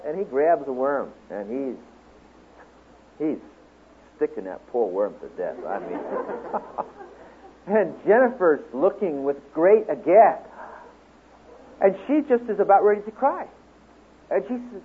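A man speaking at a Bible teaching seminar, telling a story and then lecturing to a class in an animated way, acting out the quotes. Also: on the high side, unhurried, pauses often, slightly rough. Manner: animated storyteller, acts out quotes, laughs along. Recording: tinny phone-like lo-fi recording.

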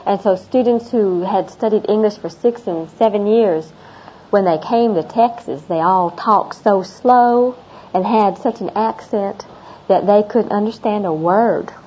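It's a classroom talk on American customs, given by a middle-aged woman to international students in a warm, medium-pitched voice at a slightly slow pace. Chatty and a touch rambling, she repeats things and laughs at her own stories. Faint noise runs under the dull, lo-fi recording.

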